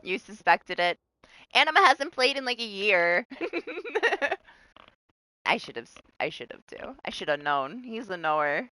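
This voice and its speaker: A woman streaming herself playing a game live, reacting loudly with laughs and curses and teasing the other players. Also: medium pitch, sing-song, slow pace, no echo. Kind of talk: live gameplay commentary.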